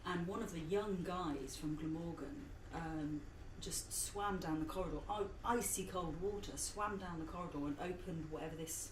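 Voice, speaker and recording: A woman's voice: lowish voice, normal speed, hardly any pauses. A woman co-hosting a casual podcast, telling stories in a rambling way with many ums and restarts. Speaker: podcast co-host. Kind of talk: casual chat. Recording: echoey room, distant mic, background noise.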